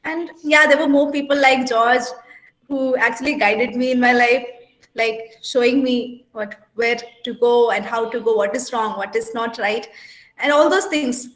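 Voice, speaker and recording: A woman's voice: on the high side, steady tone, unhurried, a bit bright. A woman student sharing casually on a video call panel, hesitant and trailing off at times. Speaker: student participant. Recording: echoey room.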